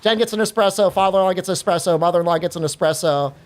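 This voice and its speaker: Chatting casually as she games, a woman streamer tells an animated story packed with fillers and plenty of swearing. Her voice sits on the low side and she talks very fast.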